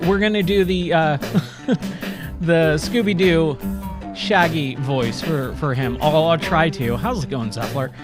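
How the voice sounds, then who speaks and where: Upbeat male streamer, chatty commentary over clear game music. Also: a little high, unhurried. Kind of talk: casual let's-play commentary.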